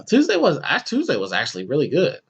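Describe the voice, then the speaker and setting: A man in the middle register tells a workplace story on his podcast with a loose, conversational flow. He swings into the voices of the people he quotes, jumping up in pitch for their lines. The recording is slightly dull and lo-fi. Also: normal speed, slightly rough. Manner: animated, acts out quoted voices with bursts of pitch. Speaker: podcast host. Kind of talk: casual storytelling chat.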